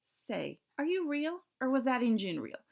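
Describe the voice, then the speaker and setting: Woman putting on a soft-hearted drawling cowboy. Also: sits high, big pitch swings, measured pace, creaky, pitched above the performer's own voice, heavily acted. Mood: bashful. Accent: Southern US. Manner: drawling folksy talk. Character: timid soft-hearted cowboy man, easily tearful.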